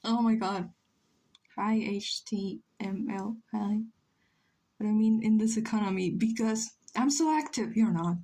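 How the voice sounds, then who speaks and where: Husky young woman chatting on stream. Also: medium pitch, measured pace, mellow. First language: Spanish. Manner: chatty, joking with chat, frequent laughs. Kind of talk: casual chat while drawing on a livestream.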